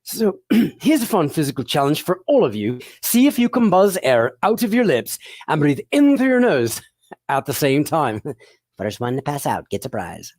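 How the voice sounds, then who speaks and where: With a sing-song lilt, darkish tone, and mid-range pitch, a performer leads an educational show for children at a moderate pace, no room sound present. They laugh often, stay playful and encouraging, and keep asking the audience questions.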